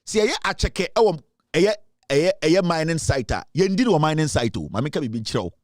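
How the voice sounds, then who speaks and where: A man's voice: on the high side, expressive, a little fast, no room sound, studio quality. A Ghanaian man giving impassioned commentary, mixing English and Twi in a fiery, emphatic way.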